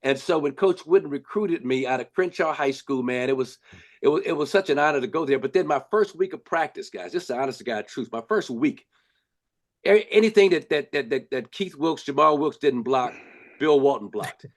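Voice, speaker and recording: An older man from Los Angeles, a former basketball player, telling stories in a casual, animated way with lots of restarts. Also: a little high, a little fast. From Los Angeles, USA. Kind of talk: casual storytelling.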